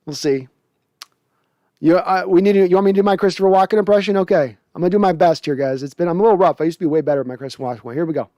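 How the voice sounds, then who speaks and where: A man's voice: sits high, racing, mellow, no echo, highs cut off. Conversational man reading chat aloud. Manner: conversational, reads viewer comments aloud and answers them. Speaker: sports podcast host. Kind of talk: casual livestream commentary reading chat.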